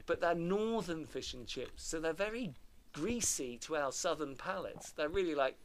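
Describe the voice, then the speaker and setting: Animated man telling stories. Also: fairly high pitch, normal speed, slight background noise. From Devon, England. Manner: animated anecdotal storytelling, self-mocking. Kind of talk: casual storytelling chat.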